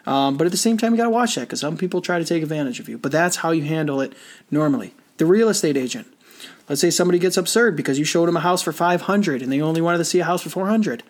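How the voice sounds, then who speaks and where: Energetic man coaching on sales. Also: on the high side, fast. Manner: energetic, repetitive, conversational. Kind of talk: motivational talk.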